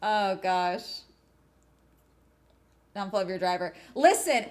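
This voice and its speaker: A woman hosting a live watch-along, chatting casually and breaking into excited cheers and laughter. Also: medium pitch, takes it slowly, long pauses. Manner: swears casually.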